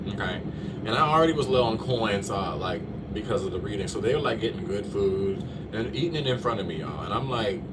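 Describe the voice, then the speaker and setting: Man, lower voice, storyteller who keeps checking in with his audience; distant mic, faint noise. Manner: animated, keeps checking in with viewers. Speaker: astrologer and tarot reader. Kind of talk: casual storytelling to viewers.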